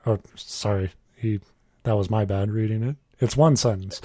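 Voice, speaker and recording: This lowish, mellow voice belongs to a man in his early thirties, reading a story at a moderate pace for a laid-back podcast. Chuckles, side remarks and self-corrections interrupt the reading, captured in a dry recording.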